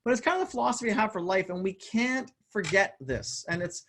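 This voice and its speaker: Energetic male motivational speaker, high voice, stumbles and repeats words, talks straight to "you guys" over a video call. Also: fairly quick, a little hiss or hum. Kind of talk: live online motivational talk.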